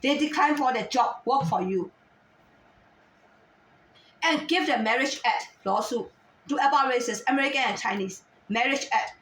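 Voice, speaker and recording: A woman delivering an agitated, scolding monologue in halting non-native English, firing off repeated rhetorical questions. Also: sits high, a bit bright. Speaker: vlogger. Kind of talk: ranting monologue to camera. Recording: roomy sound from a distant mic.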